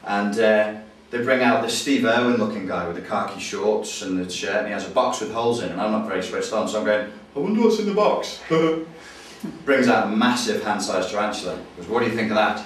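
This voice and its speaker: Trainer: man, animated storyteller, room reverb heavy, mic at a distance. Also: lowish voice, fast, a little hiss or hum. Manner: animated, jokey, acts out voices and screams. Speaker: NLP trainer. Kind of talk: lively teaching with acted-out stories.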